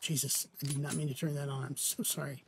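A man giving casual gameplay commentary as a channel host, chatty and self-deprecating, quick to apologize for his slips. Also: medium pitch, flat delivery, a little hiss or hum.

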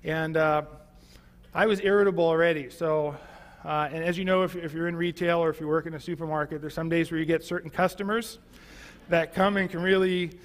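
A man, a pastor, telling his testimony to a church in a relaxed, storytelling way, with many fillers. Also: a little high, fairly quick, big-room sound. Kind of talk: sermon testimony.

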